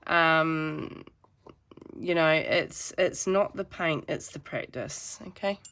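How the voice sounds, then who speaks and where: A woman's voice: sits low, takes it slowly, a bit bright. A woman giving a chatty, rambling painting tutorial with self-deprecating asides. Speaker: art teacher.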